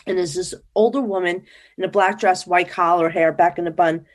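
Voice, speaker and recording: A woman's voice: fairly low pitch, brisk. Chatty woman telling stories. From New Jersey. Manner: animated, acts out quoted dialogue. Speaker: guest psychic. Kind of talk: casual interview storytelling.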